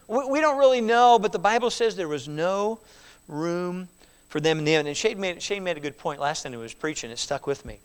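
In a church, a man with a high, smooth voice preaches fairly quickly, with a long reverb tail behind him. He swings between loud, emphatic calls and hushed near-whispers, acts out voices, and repeats key words in a steady rhythm.

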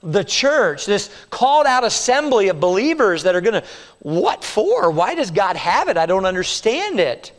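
A man preaching a sermon as pastor, swinging between quiet stretches and emphatic bursts. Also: high-pitched, big pitch swings, normal speed, long reverb tail.

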